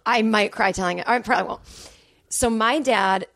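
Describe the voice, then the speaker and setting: A woman's voice: on the high side, moderate pace, vocal fry, a bit bright, no echo, studio quality. A middle-aged woman, a comedian guest on a podcast, telling a personal story candidly and swearing freely. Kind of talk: casual chat.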